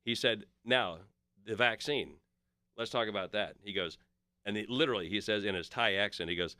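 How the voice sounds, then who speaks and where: A man in his fifties talks casually as a podcast guest, his low voice bright and forceful. He tells stories at length and quotes other people in his own voice. The sound is dry and close. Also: moderate pace, clean tone, dry recording. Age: 50s. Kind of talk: casual chat.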